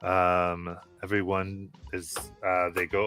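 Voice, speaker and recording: Slow, lively-pitched game master man. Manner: halting narration full of fillers. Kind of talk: narrating a tabletop game. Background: music.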